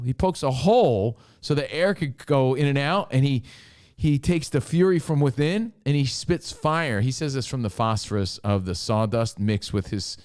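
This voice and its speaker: A man co-hosting a casual podcast, telling a story in an animated, joking way. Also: medium pitch. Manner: animated storytelling with put-on voices. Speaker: podcast co-host.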